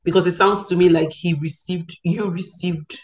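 A woman's voice: lowish voice, fairly even intonation, moderate pace, rough recording. A woman interviewing a guest in a Christian interview, attentive and affirming with frequent murmurs.

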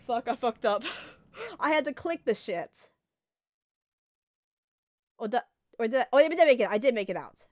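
A woman giving casual let's play commentary, excitable and swearing freely as she reacts. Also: high voice, no room sound. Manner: profane, excitable, reacts loudly. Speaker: gaming streamer.

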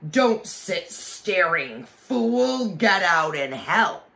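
A reader voicing a cold, commanding witch queen who barks orders, high and loud. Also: very animated, extremely slow, vocal fry, roomy sound, heavily acted. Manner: imperious, barking orders.

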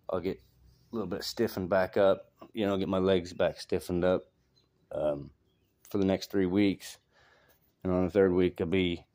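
A man's voice: low-pitched, a little mellow, no room sound. A middle-aged man, giving a casual, rambling, profane update to the camera. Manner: profane, rambling, talks in short bursts. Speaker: vlogger.

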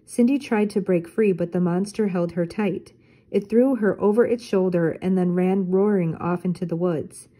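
An older woman, a teacher, reading a children's storybook aloud in a steady, clear way. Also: on the low side, moderate pace.

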